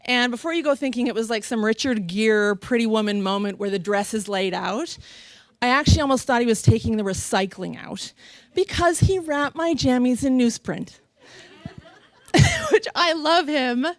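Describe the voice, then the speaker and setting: A woman's voice: a little high, normal speed, no echo. A middle-aged woman telling a comic personal story, acting out voices and laughing often. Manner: animated, acts out other people's voices, laughs often.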